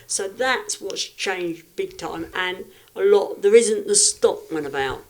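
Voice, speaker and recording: A woman talks through her views in a casual podcast chat. She speaks frankly and reflectively, with frequent restarts, at an ordinary middle pitch. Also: expressive, takes it slowly, a little mellow. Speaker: guest, livestock exhibitor.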